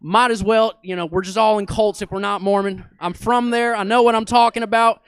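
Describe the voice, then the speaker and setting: High, smooth man rambling on stage. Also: fairly even intonation, fairly quick, no echo. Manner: rambling, mock-authoritative, keeps checking in with the crowd. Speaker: stand-up comedian. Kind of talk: character stand-up monologue. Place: comedy theater stage.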